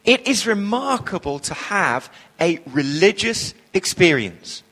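A man, a minister, preaching a sermon with animated storytelling and humorous asides. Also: high-pitched, a little slow, husky, in a large hall.

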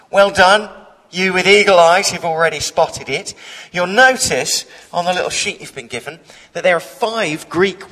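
A man's voice: on the high side, a bit bright, long reverb tail. A middle-aged man preaching a sermon, telling a chatty personal story with self-deprecating humor and frequent fillers.

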